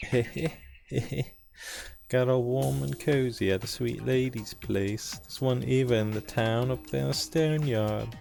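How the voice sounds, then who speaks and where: A man's voice: medium pitch, gravelly, a little mellow. A man voicing a gossipy, sly male townsman with a mock British accent and slangy, folksy talk. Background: game music.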